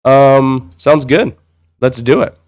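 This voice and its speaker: A man co-hosting a casual podcast chat in an easygoing way, with quick interjections. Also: mid-range voice, steady tone, a little mellow, dry recording. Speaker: podcast co-host.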